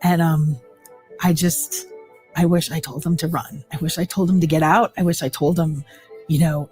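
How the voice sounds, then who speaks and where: A woman speaking in a documentary interview, halting and searching for words as she gives personal testimony. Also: lowish voice, steady tone, darkish tone, soft background music. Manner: halting, with many fillers and restarts. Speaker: interviewee, widow of a victim.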